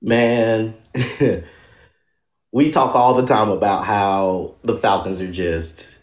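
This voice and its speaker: Slow-talking caller with an echoey sound. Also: male voice, lowish voice. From Atlanta. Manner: slow, laughing, relaxed. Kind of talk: casual phone-in chat.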